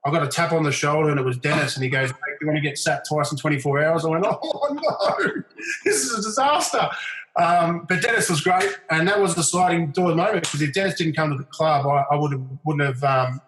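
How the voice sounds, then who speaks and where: A man's voice: a little high, quick pace, hardly any pauses, a little hiss or hum. A middle-aged Australian man telling stories in casual chat, acting out other people's lines in livelier raised voices. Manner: animated anecdotes, acting out quotes in raised voices. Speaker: podcast guest. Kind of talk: casual storytelling. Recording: roomy echo.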